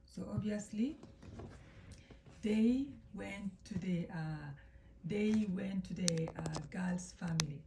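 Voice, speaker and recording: A woman chats through a family drama story, acting out the quotes and dropping into whispers for effect. Her voice is gravelly and mellow. She sounds set back from the phone in an echoey room. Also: medium pitch, slow, slight background noise. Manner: chatty, animated, acts out quotes, drops to whispers. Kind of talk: casual storytime narration. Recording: echoey room, distant from mic.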